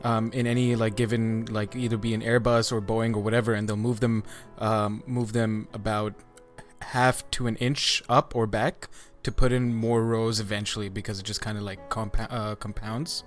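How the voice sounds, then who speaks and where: A man's voice: on the low side, little pitch movement, normal speed, soft background music. Upbeat man hosting a casual podcast. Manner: upbeat, hesitant with many fillers. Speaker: podcast host. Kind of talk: casual chat.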